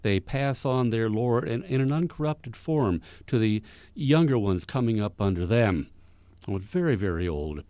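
A man's voice: on the low side, lively intonation, unhurried, dark tone, dry recording. Folksy man hosting a radio show. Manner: folksy, rambling, with restarts. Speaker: folk music radio host. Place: studio.

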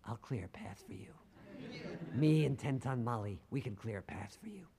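A man's voice: medium pitch, animated, fairly quick, vocal fry, in a large hall, crowd noise. A man voicing a reckless, gleeful fifty-six-year-old draftsman with a cocky drawl. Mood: swaggering.

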